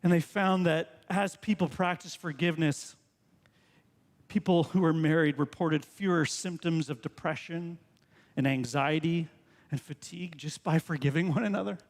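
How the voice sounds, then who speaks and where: In a church sanctuary, a male pastor preaches a sermon conversationally, packing it with rhetorical questions. His slightly high voice moves at normal speed and carries the sound of a large hall.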